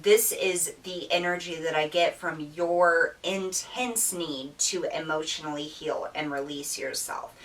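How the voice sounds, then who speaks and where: A woman's voice: fairly low pitch, sharp tone, far from the mic, poor audio. A woman giving an earnest, emotional tarot reading, with many fillers and restarts and near tears. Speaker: tarot reader. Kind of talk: spiritual tarot reading monologue.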